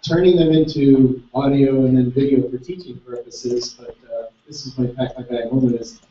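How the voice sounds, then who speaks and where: Mellow-voiced man sharing in an echoey hall. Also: mid-range voice, steady tone, normal speed. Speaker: seminar attendee. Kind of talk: casual sharing. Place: large seminar hall. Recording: echoey room, distant lo-fi mic.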